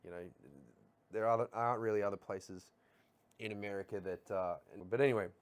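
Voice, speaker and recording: Australian male co-host, lower register, easygoing conversational delivery. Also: steady tone, fairly quick, clean tone. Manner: laid-back, reflective, laughs easily. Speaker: podcast co-host. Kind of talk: casual chat.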